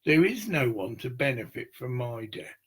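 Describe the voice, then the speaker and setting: A man's voice: medium pitch, sing-song, normal speed, husky. A man, talking in a rambling, profane monologue to the camera. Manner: rambling, profane, acts out little scenes.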